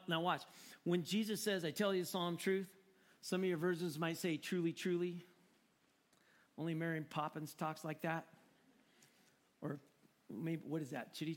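Man, preacher, sermon, high voice, animated, playful asides. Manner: animated, joking, emphatic with repeated words. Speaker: pastor.

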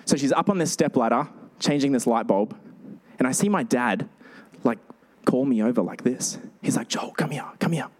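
A male pastor giving a sermon, telling lively stories with animated delivery. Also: mid-range voice, normal speed. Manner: storytelling, animated.

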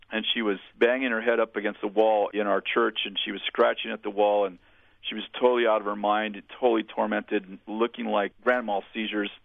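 A man's voice: on the low side, gravelly, no room sound. A man speaking as a pastor and interview guest, telling earnest, plainspoken stories with frequent restarts. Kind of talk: storytelling in a radio interview. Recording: tinny phone line.

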